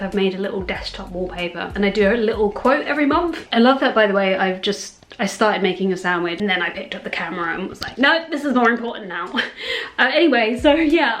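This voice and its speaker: A woman's voice: mid-range voice, fairly bright tone. A woman talking casually to camera at home, chatty and earnest, rambling and correcting herself as she encourages viewers. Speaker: self-acceptance content creator. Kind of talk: casual vlog talk. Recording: echoey room.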